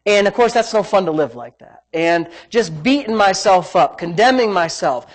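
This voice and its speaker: This is a pastor's sermon, spoken in a high, animated male voice at a moderate pace with few pauses. He repeats himself for emphasis and frequently interrupts with "praise God."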